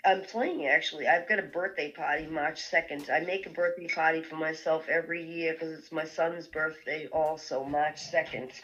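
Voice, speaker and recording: A woman's voice: low voice, steady tone, moderate pace, hardly any pauses, fairly bright tone, highs cut off. A woman from the Boston area with a strong Boston accent, chatting casually as an interview guest, laughing often and restarting her sentences. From Boston area, USA. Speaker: guest musician. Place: California.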